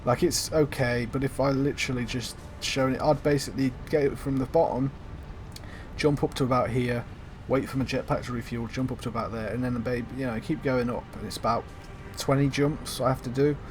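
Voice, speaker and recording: A man's voice: medium pitch, steady tone, brisk, slight background noise. A young man hosting his gaming channel, chatting casually over gameplay in a rambling way, full of ums and the odd swear word. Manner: rambling, filler-heavy, sweary.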